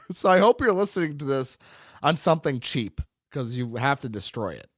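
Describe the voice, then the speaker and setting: A man co-hosting a casual podcast, animated, swearing and laughing often. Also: medium pitch, normal speed, no room sound. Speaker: podcast co-host.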